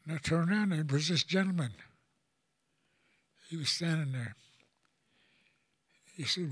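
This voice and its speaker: Husky-voiced older man telling a story. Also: a little high, no echo. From Oklahoma. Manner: halting, plain-spoken, repeats words as he goes. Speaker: elder speaker. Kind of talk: personal story told to an audience.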